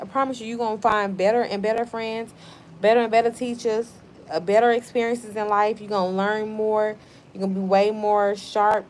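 A woman's voice: mid-range voice, slight background noise. A woman in her thirties hosting a live stream, reading out viewer comments in a blunt, heated, profane way.

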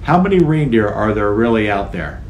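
A man's voice: on the low side, lively intonation, moderate pace, highs cut off, a little hiss or hum, lightly acted. A man playing jolly old Santa Claus. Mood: playful. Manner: hearty, gently quizzing the children. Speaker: storytime reader. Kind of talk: reading a picture book aloud to children. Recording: echoey room.

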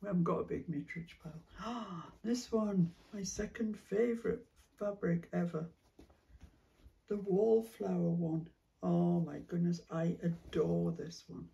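A woman with a strongly gravelly, fry-heavy voice chats unhurriedly through a casual craft vlog. She muses aloud and slips into soft whispered asides, coughing now and then. The mic sits well away from her. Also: fairly low pitch, fairly even intonation, unhurried, distant mic, muffled recording. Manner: chatty, musing, drops into soft whispered asides. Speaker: craft vlogger. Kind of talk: casual chat while sorting fabric.

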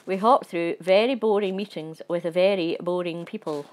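A woman reads a children's story aloud, soft and playful, at a medium pitch. Her narration is gentle and unhurried in tone. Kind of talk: storybook reading.

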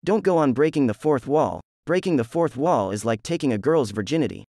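A man's voice: medium pitch, animated, brisk, warm tone, no echo, lightly acted. A rude, lazy young ninja who throws out crude, mocking insults, as a man reads him in a fan story. The voice sits close and dry, with no room around it.

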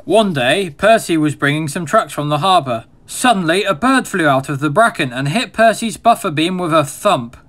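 A man reading a children's storybook aloud as narrator, in a steady, expressive manner. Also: a little high, normal speed, few pauses.

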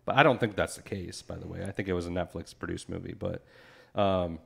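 Deep-voiced man in casual podcast chat. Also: steady tone, a little fast, vocal fry, a bit bright, breathy edge. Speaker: podcast co-host. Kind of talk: casual movie review chat.

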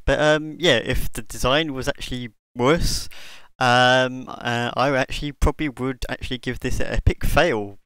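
A man's voice: medium pitch, fairly even intonation, normal speed, fairly bright tone, clear, resonant tone, no echo, low-quality recording. A man giving a casual product review of a costume mask, rambling and hesitant, with many fillers and restarts.

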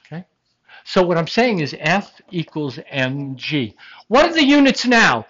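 Speaking at medium pitch and a little slowly, a science lecturer animatedly addresses a room of students, mixing in jokes and rhetorical questions. The lo-fi, dull sound suggests it was taped right in the lecture hall.

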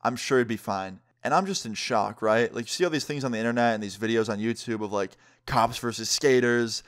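Animated male vlogger telling a story. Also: medium pitch, brisk. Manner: animated, swears freely. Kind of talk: casual storytime narration.

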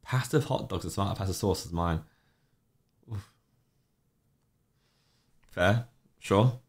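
A man's voice: deep voice, measured pace. Laid-back man chatting on stream. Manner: rambling, reacts to chat messages with offhand opinions. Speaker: livestreamer. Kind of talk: casual livestream chat.

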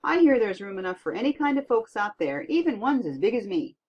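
A woman's voice: medium pitch, big pitch swings, fairly quick, breathy edge. A woman voicing a huge young giant sailor boy in plain folksy talk. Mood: earnest. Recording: dull lo-fi recording.

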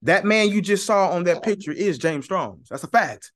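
A man delivers heated religious commentary straight to the camera, emphatic and sarcastic, repeating his points and addressing viewers directly. His voice sits high and is animated, at a normal speed.

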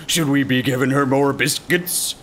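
A man voicing a soft-hearted, fussy male pirate with a hook hand, who starts his sentences with a growled "arr" in broken pirate grammar. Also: mid-range voice, steady tone, moderate pace, a little hiss or hum, lightly acted. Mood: fretful.

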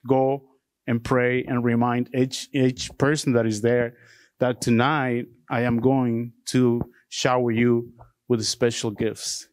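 A man's voice: medium pitch, level tone, takes it slowly, no room sound. A middle-aged man from Mexico, giving an earnest, heartfelt sermon as a deacon. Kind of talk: testimony sermon.

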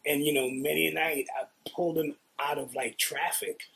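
A middle-aged man with a New York accent telling profane, animated stories in a casual interview. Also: on the high side, normal speed, creaky. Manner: profane, animated, acts out quotes. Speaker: interviewee, guitarist. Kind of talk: casual storytelling.

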